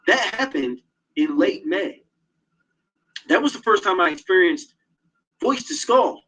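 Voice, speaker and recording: A man's voice: high-pitched, sing-song, moderate pace, long pauses, bright, forceful tone, breathy edge, low-quality recording. A man in an agitated, profane monologue, swearing constantly as he tells his story. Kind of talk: casual monologue.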